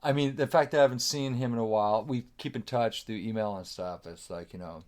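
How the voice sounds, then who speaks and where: A man's voice: mid-range voice, a little fast, a little mellow. A middle-aged man chatting as a podcast guest, rambling and cursing freely while telling self-deprecating stories. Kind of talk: casual chat.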